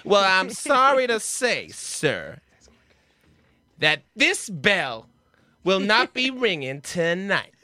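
A haughty Southern belle, put on by a British man in an improv comedy podcast, drawling her lines slowly and theatrically with a dismissive air. The voice sits fairly high and bright. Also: huge pitch swings, dry recording, exaggerated voice. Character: haughty genteel American Southern belle, woman.

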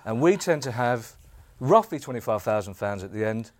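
A man's voice: mid-range voice, expressive, normal speed. A middle-aged man with a South London accent, a comedian making a dry, mock-boastful case on a panel show. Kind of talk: comic argument on a panel show.

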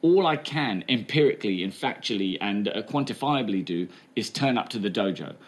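Comic, 30s, lowish voice, rapid conversational storytelling peppered with "right?". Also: male voice, animated. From England. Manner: fast and chatty, fillers like "right?" and "you know". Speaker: comedian guest. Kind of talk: candid storytelling interview.

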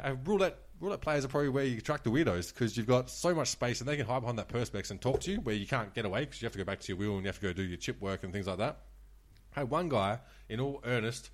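A young man with an Australian accent, a former casino dealer, telling stories in casual chat, laughing and swearing freely. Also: mid-range voice.

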